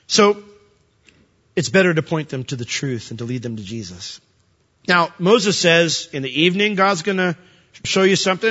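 In a relaxed, conversational style, a male pastor with a bright, slightly high voice teaches through scripture, reading verses aloud and then explaining them to the congregation. The audio sounds a little dull and rings through a large hall.

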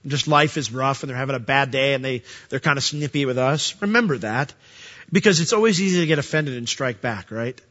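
A man's voice: medium pitch, fairly quick, bright, forceful tone, long reverb tail, highs cut off. A man preaching a sermon, reading verses and explaining them in a conversational way. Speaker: pastor. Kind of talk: sermon teaching through scripture.

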